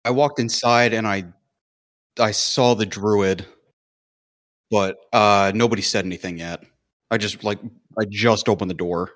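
A man with a husky voice talking hesitantly as a player at a tabletop game. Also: lowish voice, steady tone, measured pace, pauses often, fairly bright tone. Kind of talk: casual tabletop game talk.

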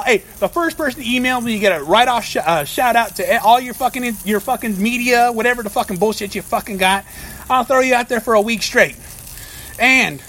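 A man's voice: high voice, a bit bright. A man hosting a casual podcast, ranting and swearing constantly while cooking in his kitchen. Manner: profane, ranting, heavy swearing. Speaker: podcast host.

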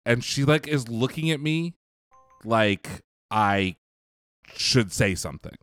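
A man co-hosting a podcast, telling stories in casual chat, animated and profane, laughing often. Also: medium pitch, takes it slowly, no echo, studio quality. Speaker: podcast co-host.

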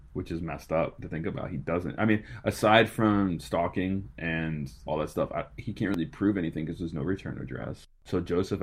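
A man's voice: low voice, gravelly, slightly rough. A man casually discussing a movie with a friend, rambling and slangy, often restarting his sentences. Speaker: podcast co-host.

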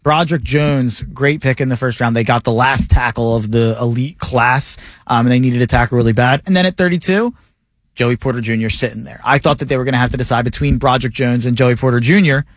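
Excitable man talking football. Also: a little fast, no room sound. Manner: enthusiastic, pitch jumps up when excited. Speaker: co-host, draft analyst. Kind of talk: casual sports radio talk. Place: radio studio.

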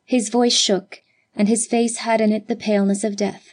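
A woman narrating a classic story aloud in a measured, expressive reading style. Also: mid-range voice. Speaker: audiobook narrator.

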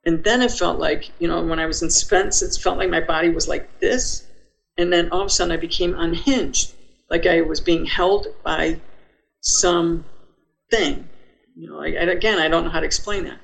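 A woman's voice: fairly low pitch, steady tone, normal speed, gravelly, poor audio. An older woman, a podcast guest, telling a personal story vividly and acting out her own thoughts as she goes.

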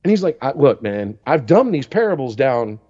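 With a medium-pitched, mellow, sing-song voice at normal speed, this forty-something podcast co-host spins rambling stories full of swearing during casual conversation. The audio is dull and lo-fi.

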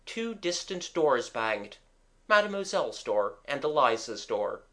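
An audiobook reader giving scripted narration with expressive, lively storytelling. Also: medium pitch, a little slow.

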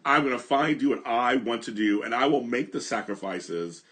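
Animated middle-aged host, earnest. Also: male voice, mid-range voice, normal speed. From Los Angeles. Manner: earnest and reflective, repeats and restarts phrases. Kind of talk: candid conversational storytelling.

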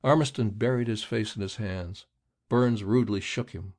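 A man reading a story aloud as the narrator, with an expressive storytelling delivery. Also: fairly low pitch, normal speed. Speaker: audiobook reader. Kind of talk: scripted narration.

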